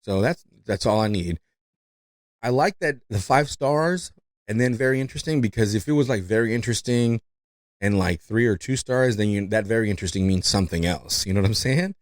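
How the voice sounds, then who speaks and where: Podcast host, male, English not his first language; low-pitched, loose and rambling, dry studio sound. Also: expressive, moderate pace, no echo. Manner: rambling, fillers, frequent "you know", laughs often. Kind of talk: casual podcast chat.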